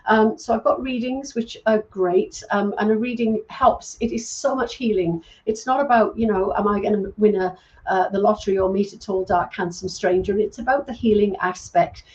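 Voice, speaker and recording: A woman's voice: mid-range voice, fairly even intonation, moderate pace, lo-fi sound. A middle-aged British woman raised in Wales, a medium hosting a casual livestream and reading out viewer comments with many ums. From UK, born in England, grew up in Wales. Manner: chatty, warm thanks, frequent ums. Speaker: host, psychic medium reading live comments.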